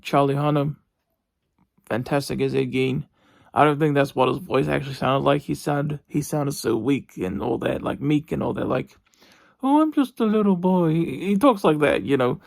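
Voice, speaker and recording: A young man talks through a TV review in a loose, meandering way, stopping and restarting often. His voice has a gravelly edge. The sound is dry and close, with no room echo. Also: mid-range voice, fairly even intonation. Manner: rambling, halting, lots of fillers and restarts. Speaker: vlogger. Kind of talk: casual TV review monologue. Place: bedroom.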